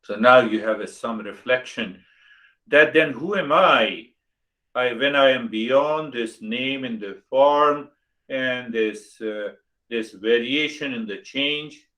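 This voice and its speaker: A man's voice: mid-range voice, slow, sharp tone, poor audio. A man in his sixties with an Indian English accent, giving a spiritual talk as a teacher, repeating rhetorical questions with emphasis. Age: 60s.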